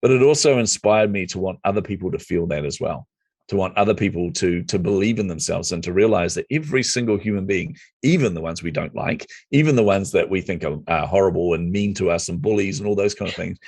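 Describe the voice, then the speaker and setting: A middle-aged New man tells his story quickly in a low voice, playing out the dialogue as he goes. His voice sits close and dry on the mic, with no room sound. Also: no room sound. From New Zealand. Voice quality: lively storyteller who acts out quoted dialogue. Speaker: podcast guest. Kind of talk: casual storytelling interview.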